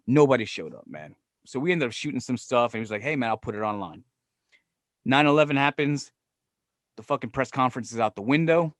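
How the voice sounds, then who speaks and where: A man's voice: mid-range voice, fast talker, dry recording. Profane New man telling stories. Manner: profane, animated, quotes himself and others. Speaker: podcast guest. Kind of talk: casual storytelling.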